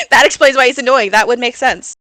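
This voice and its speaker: A woman's voice: sits high, fairly quick, pushed and bright, no room sound. A woman playing a tabletop role-play game, exasperated and often laughing. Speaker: player.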